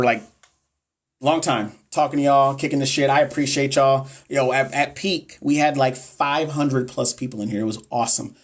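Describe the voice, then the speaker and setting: Blunt, profane man chatting on a live stream. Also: medium pitch. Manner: blunt, profane, repetitive and emphatic. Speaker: nurse educator hosting a live stream. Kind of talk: casual live-stream chat answering viewers.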